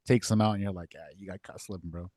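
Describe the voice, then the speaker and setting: A man's voice: deep voice, steady tone, fast talker, mellow, no echo. Laid-back man telling stories, dry sound. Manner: laid-back storytelling, heavy with filler words. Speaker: podcast co-host. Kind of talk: casual chat.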